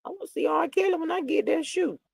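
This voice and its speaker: A woman's voice: very high voice, quick pace, gravelly, a little mellow. An older woman hosting a casual celebrity gossip stream, chatty and drawling as she talks to her viewers. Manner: chatty and drawling, acts out quoted people in voices.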